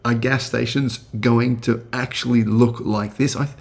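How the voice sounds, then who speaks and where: A man's voice: mid-range voice, fairly even intonation, unhurried, vocal fry. A middle-aged Australian man hosting his channel, chatting casually with many fillers and restarts. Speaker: channel host. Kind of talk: casual video commentary.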